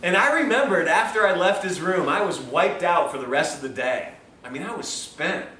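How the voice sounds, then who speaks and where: A man's voice: high-pitched, expressive, moderate pace, sharp tone. A man giving a health lecture, telling a personal story in a conversational way and acting out the dialogue. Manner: conversational, acts out quoted dialogue. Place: lecture room at a health institute. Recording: echoey room from far off, faint hiss.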